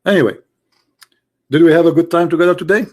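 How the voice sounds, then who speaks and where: A man's voice: a little high, fast talker. A man from the Arab world with an Arabic accent, hosting a live debate stream in casual talk. He mocks and fires off rhetorical questions in loose, broken English full of "like" and "brother".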